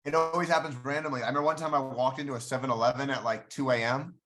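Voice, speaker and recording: A man's voice: mid-range voice, steady tone, rapid-fire, fairly bright tone. Male comedian guest, mid-range voice, casual rambling storyteller. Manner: rambling anecdotes with repeated starts.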